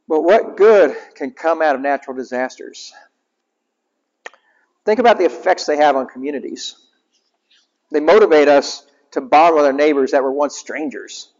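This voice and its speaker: A man's voice: on the high side, moderate pace, pauses often, a little mellow. A male chaplain preaching a sermon in a conversational way and asking the congregation questions. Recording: muffled, echoing hall.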